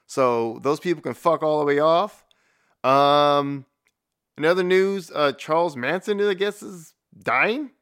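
A man's voice: on the high side, a little slow, a bit bright, clean tone. A man giving a profane, rambling rant in blunt, casual commentary, with frequent restarts.

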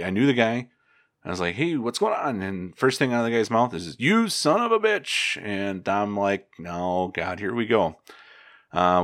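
A man, an agronomist, giving casual advice in a relaxed, rambling way, with many fillers and restarts. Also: sits low, no echo, clean studio sound.

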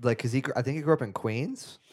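A man's voice: medium pitch, fast talker, darkish tone. A man co-hosting a podcast, chatting casually about a film and making dry, teasing remarks. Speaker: podcast co-host. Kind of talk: casual chat.

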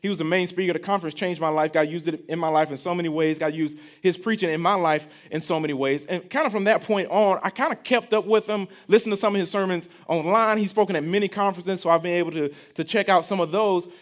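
A man's voice: high-pitched, fairly even intonation, quick pace, hardly any pauses. A young adult man, preaching a sermon in a conversational style, repeating phrases and asking the congregation questions. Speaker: pastor.

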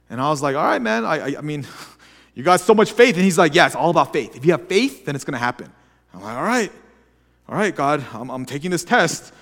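A man with a high voice preaches to his congregation, casual and conversational, often restarting his phrases. His voice carries a long reverb from the church hall around him. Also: very animated, a little fast, gravelly, fairly bright tone. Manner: conversational preaching with repeated restarts and acted asides. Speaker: pastor. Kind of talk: sermon. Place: church sanctuary.

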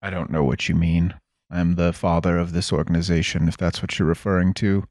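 A man voicing a composed, evasive male leader of a secret order in a tabletop game, in a smooth, guarded way. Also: low voice, little pitch movement, brisk, a little mellow, dry recording, lightly acted.

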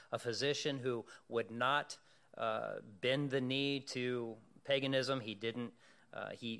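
Man preaching an animated sermon. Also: mid-range voice. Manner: animated storytelling, asks the congregation questions. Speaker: pastor.

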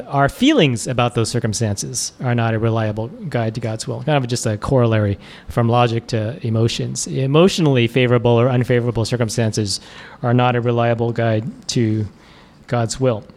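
A man's voice: mid-range voice, fairly even intonation, normal speed, a little mellow. A man preacher giving a casual, conversational sermon, chuckling often and using many fillers.

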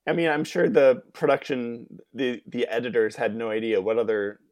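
A man's voice: medium pitch, fairly even intonation, normal speed, a little mellow. Opinionated podcast co-host man. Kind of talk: casual chat.

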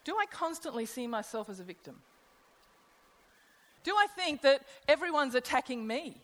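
Woman giving a sermon, kinda high voice, chatty, lots of questions to the crowd, long echo. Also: big pitch swings, normal speed. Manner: conversational, asks the audience rhetorical questions. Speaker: preacher. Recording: long hall reverb.

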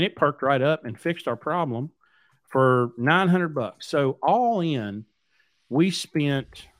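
A man whose voice runs on the high side hosts a podcast and owns a trucking company. He tells a long casual story bluntly and ramblingly, repeating words, in a dry recording with clean studio sound.

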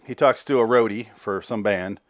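Podcast host, male, lowish voice, dry close sound, rambling and profane. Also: normal speed, no echo. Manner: rambling, profane, self-interrupting. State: slightly out of breath. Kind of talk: casual episode recap.

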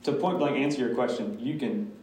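Man, pastor, candid classroom Q&A, mid pitch, distant mic in a very reverberant room. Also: a little fast, darkish tone, slight background noise. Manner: candid, talks in restarts and asides. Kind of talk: casual Q&A with a church class.

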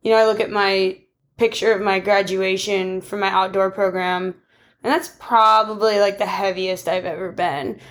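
A woman's voice: medium pitch, fairly even intonation, normal speed. A young adult woman co-hosting a podcast, talking candidly and reflectively in casual conversation, often restarting and laughing. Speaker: podcast co-host.

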